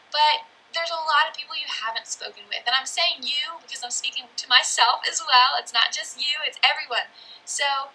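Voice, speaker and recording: A woman's voice: sits high, a little hiss or hum, low-quality recording. A young woman leading a team call, talking energetically and acting out what people say. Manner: energetic, acts out quotes. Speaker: team leader.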